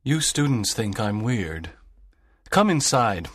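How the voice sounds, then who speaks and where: An actor playing a sad, lonely, strict middle-aged teacher in an audiobook drama, speaking in a grave, measured way. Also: male voice, fairly low pitch, big pitch swings, a bit bright, breathy edge, dry recording, clean studio sound, exaggerated voice. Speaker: narrator's teacher.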